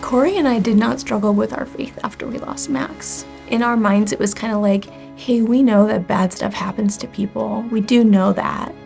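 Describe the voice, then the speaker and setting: A woman in her forties tells her own story candidly and with deep feeling, her voice sitting a little high and carrying a gravelly fry. At times she drops to a near-whisper. Soft music plays faintly beneath her. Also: moderate pace, few pauses. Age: 40s. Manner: candid and emotional, often dropping to a near-whisper. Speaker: church member sharing her testimony. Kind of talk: personal testimony to camera.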